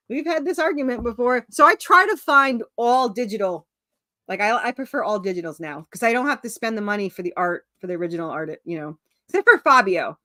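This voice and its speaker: A woman's voice: fairly high pitch, animated, a little fast, sharp tone, no room sound, studio quality. A woman, an indie comic creator, chatting as a guest on a video call, rambling with many fillers and restarts and laughing at herself. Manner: self-mocking, laughs at herself. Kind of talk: casual video-call chat.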